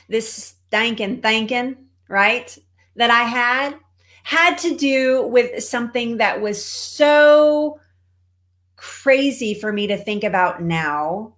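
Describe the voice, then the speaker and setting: A Texas woman with a medium-pitched, fairly bright voice works as a cancer coach, giving a conversational motivational talk to live viewers. She greets her audience and laughs often.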